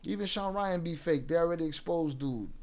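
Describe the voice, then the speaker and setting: A man's voice: fairly high pitch, fairly quick, noisy background. A man hosting a livestream, ranting at chat in a profane, confrontational, taunting way. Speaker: livestream host. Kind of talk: livestream rant addressing chat.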